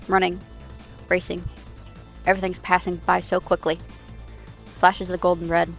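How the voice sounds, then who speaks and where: A woman reading a dark first-person story aloud on a stream, intense and halting, with restarts. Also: fairly low pitch, vocal fry. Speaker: reader. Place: home streaming setup. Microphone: streaming mic.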